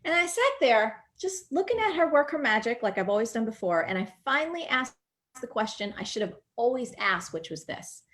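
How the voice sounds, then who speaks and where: A woman in her forties from New Jersey, a guest speaker telling a personal story in a lively, chatty way. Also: a little high, moderate pace. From New Jersey, USA. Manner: animated, vivid storyteller, chatty with fillers.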